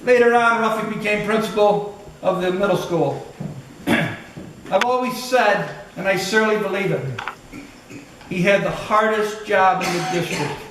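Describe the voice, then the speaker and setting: An older man delivering a fond funeral eulogy in a high voice. He is picked up from a distance in a large echoey hall with steady noise. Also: unhurried. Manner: storytelling, fond, chuckling. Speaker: eulogist, former school colleague.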